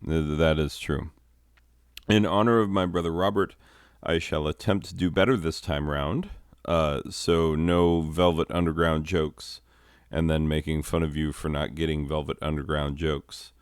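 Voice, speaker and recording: A man hosting a video, talking in a halting, self-deprecating, rambling monologue. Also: a bass voice, fairly even intonation, clean tone, no room sound, studio quality. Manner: halting, self-deprecating, many fillers and restarts. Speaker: video host.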